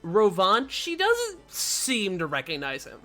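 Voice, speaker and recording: A woman running a tabletop game as game master. She narrates in a relaxed, halting way, filling pauses as she goes, at a middle pitch, with faint music behind her.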